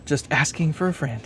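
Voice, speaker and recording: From his workshop bench, a man live-streams a guitar amp build, thinking aloud and chuckling as he reads comments in a casual chat. His voice is a little high and a bit bright, with a little hiss or hum.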